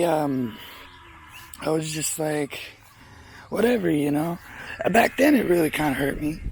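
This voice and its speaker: Young male vlogger, gravelly and a touch high, profane and rambling storyteller. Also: slight background noise, low-quality recording. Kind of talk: casual storytelling vlog.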